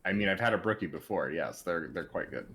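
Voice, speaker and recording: A man co-hosts a let's play, dropping dry, matter-of-fact comments into casual chat. His voice sits a bit low for a man, with a bright, forceful tone. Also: expressive, fast talker, slight background noise. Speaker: co-host.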